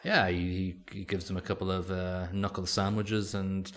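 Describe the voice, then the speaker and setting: A man's voice: low voice, little pitch movement, normal speed, a bit bright. A man co-hosting a podcast, chatting casually and rambling with lots of fillers. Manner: rambling, hesitant, many fillers. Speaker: podcast co-host. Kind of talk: casual chat.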